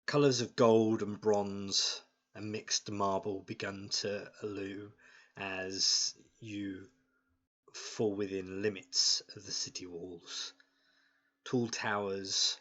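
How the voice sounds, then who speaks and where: A man running a tabletop game, speaking very slowly with a bright, forceful tone. He halts and restarts often, heard on a dull lo-fi recording. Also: on the low side. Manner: halting, many fillers and restarts. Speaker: game master. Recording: dull lo-fi sound.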